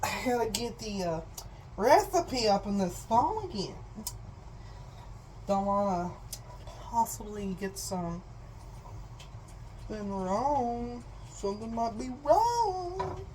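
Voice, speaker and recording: A woman's voice: on the high side, lively intonation, slow, long pauses, mellow, recorded from a distance, a little hiss or hum, rough recording. A young woman chatting casually to viewers while she cooks, goofy and rambling. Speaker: cooking vlogger. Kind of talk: casual cooking chat.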